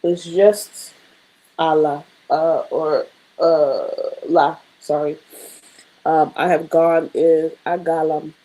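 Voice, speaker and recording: Poor audio captures a woman whose low, mellow voice moves slowly with fairly even intonation. She thinks aloud through a casual screen-share lesson, muttering and self-correcting while typing practice phrases into a language study sheet.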